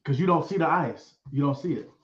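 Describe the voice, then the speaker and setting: A man's voice: fairly high pitch, fairly quick. A man co-hosting a live talk show, teasing his partner and hesitating over his own answers. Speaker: co-host. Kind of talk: casual live-stream chat. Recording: roomy echo on dull lo-fi audio.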